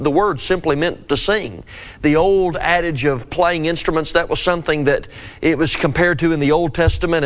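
A man preaching a devotional scripture lesson, asking his listeners earnest questions. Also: a little high.

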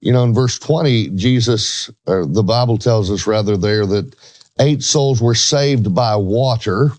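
A man's voice: on the low side, measured pace, a little mellow, no room sound. A middle-aged man earnestly telling a church story, emphatic when quoting others. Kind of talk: storytelling in a religious talk show.

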